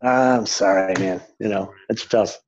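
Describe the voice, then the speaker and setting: A man speaking as a spiritual teacher in a reflective conversation, gentle and searching, often restarting his sentences. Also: on the low side, steady tone, measured pace. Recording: dull lo-fi sound.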